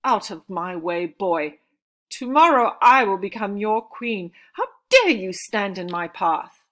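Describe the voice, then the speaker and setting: A woman's voice: medium pitch, animated, slow, a bit bright. Woman reading as Manyara, a haughty scheming sister. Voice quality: scornful, falsely sweet.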